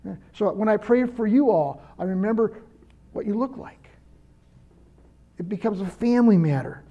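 An older pastor with a high-pitched voice delivers an earnest, story-filled sermon in a relaxed, conversational way. The sound is dull and lo-fi. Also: male voice, normal speed. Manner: earnest, personal, anecdotal.

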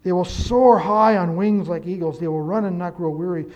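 High-voiced man preaching a sermon. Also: normal speed. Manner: animated storytelling with self-corrections and rising emphasis. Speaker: pastor.

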